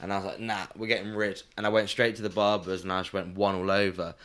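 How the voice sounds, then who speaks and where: A man's voice: low-pitched, level tone, quick pace, a bit bright, clean tone. A man hosting a podcast, chatting casually and rambling through a story with loose swearing. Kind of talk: casual chat.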